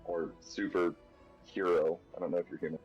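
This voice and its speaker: Very low-voiced hesitant man player. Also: level tone, a little fast, highs cut off, soft background music. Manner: hesitant, thinks aloud with fillers. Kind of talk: in-character tabletop play.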